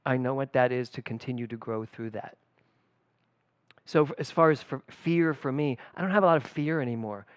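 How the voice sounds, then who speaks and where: A middle-aged man, a spiritual director, giving a conversational sermon at a church service, telling personal stories with lively emphasis. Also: mid-range voice, normal speed, dry recording. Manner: animated and personal, storytelling with emphatic swings.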